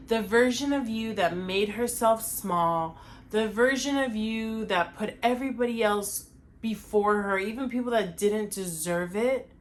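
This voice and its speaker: A young woman talking earnestly and emotionally to her viewers about her weight loss, with lots of "like" and "you know". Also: mid-range voice. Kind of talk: casual confessional talk to camera.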